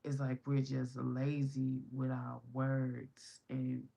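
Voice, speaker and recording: A woman's voice: extremely low pitch, completely flat delivery, takes it slowly, vocal fry, mellow, slightly rough. A woman from Chicago with a Chicago accent, hosting a casual livestream and reading comments, blunt, profane and joking. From Chicago, USA. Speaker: livestream host.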